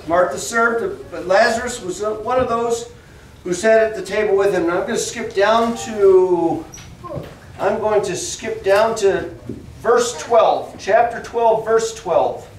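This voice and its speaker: A man teaching a children's Sunday school class, telling a Bible story slowly and with animation and asking the children questions. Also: high voice. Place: church classroom. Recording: echoey room, distant mic, faint noise.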